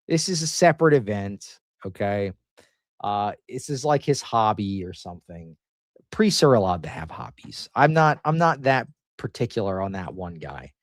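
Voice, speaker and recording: A man's voice: mid-range voice, no room sound, clean studio sound. A man hosting a news commentary show who talks in a casual, slangy way and laughs often. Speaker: host.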